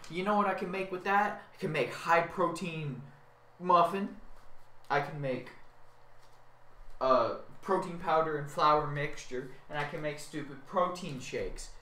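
A man's voice: fairly high pitch, measured pace, pushed and bright. Ranting young man in an echoey room. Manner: whiny, self-mocking rant with many repeats. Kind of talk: rambling solo rant. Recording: echoey room, far from mic.

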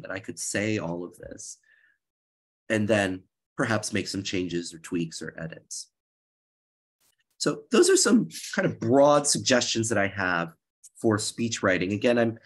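A man with a head cold, hoarse, giving an earnest workshop talk over a video call and often restarting his phrases. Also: on the low side. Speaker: speech contest coordinator. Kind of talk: workshop presentation.

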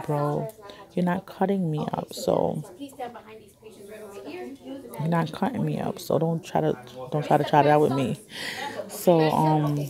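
Sitting low with vocal fry, a young woman vlogs on a phone camera held in her hand. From a hospital waiting area she chats casually, rambling and laughing a lot.

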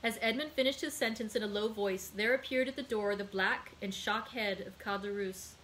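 A woman's voice: mid-range voice, slight background noise. Woman reading a classic novel aloud. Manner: steady, measured storytelling. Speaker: librarian hosting a read-aloud.

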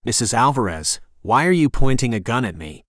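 A man's voice: mid-range voice, sing-song, a little fast, no room sound, clean studio sound, lightly acted. A male audiobook narrator voicing a tough young male shifter detective who speaks bluntly and confrontationally.

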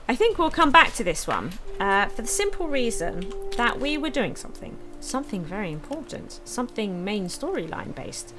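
A woman's voice: medium pitch, a bit bright. A woman hosting a let's play, chatting casually and thinking aloud as she plays, with frequent exclamations. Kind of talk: casual game commentary.

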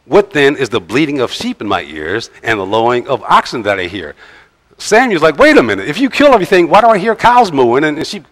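A male pastor preaching a sermon in a conversational, halting way, with frequent pauses and restarts. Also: lowish voice, a bit bright. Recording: long reverb of a large church hall.

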